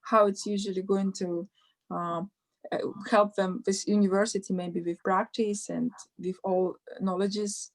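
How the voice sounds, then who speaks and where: Halting woman interviewer searching for words. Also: medium pitch, little pitch movement. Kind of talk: conversational interview.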